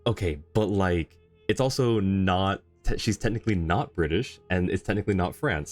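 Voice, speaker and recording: A man's voice: sits low, lively intonation, moderate pace, darkish tone, soft background music. A man streaming a video game, chatting casually, laughing often and going off on rambling asides. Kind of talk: casual live commentary.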